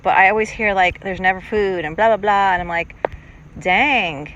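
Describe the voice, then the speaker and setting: A middle-aged woman hosts a podcast from a paddleboard on a lake, her medium-pitched, slightly bright voice moving at a normal pace through a rambling, chatty, self-reflective monologue. Boats pass on the water, and the outdoor recording sounds dull and carries boat noise.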